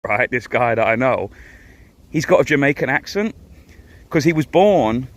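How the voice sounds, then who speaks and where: A man's voice: mid-range voice, lively intonation, normal speed, no room sound. A man, talking bluntly and argumentatively in a casual monologue, often tagging "right?" onto his points. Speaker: live streamer. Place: in a van.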